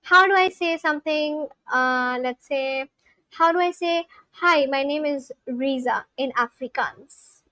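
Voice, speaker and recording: A woman chats casually on a live stream, reading out viewer comments and firing questions back. Her voice sits high and her pace is unhurried. The sound is close and dry. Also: bright, forceful tone, dry recording, poor audio. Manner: chatty, reads viewer comments aloud and asks them questions. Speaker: live-streamer learning a language.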